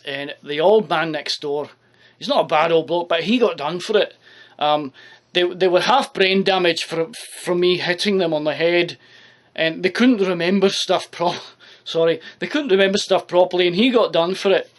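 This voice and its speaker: A man with a voice pitched a bit above the usual male range. He delivers a crude, profane comic monologue to the camera, rambling and swearing as he goes. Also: moderate pace. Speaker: comedy vlogger.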